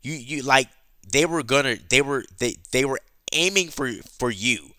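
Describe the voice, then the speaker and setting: A man hosting a casual comic book recap in a chatty, animated storytelling manner. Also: medium pitch, moderate pace, no room sound, clean studio sound.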